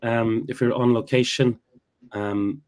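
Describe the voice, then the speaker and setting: A man from Mid Ulster with an Ulster accent, co-hosting a live Irish language Q&A, thinking aloud in a relaxed way with many ums and restarts. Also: medium pitch, slow. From Mid Ulster, Ireland. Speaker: co-host, Irish language teacher. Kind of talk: casual live Q&A chat.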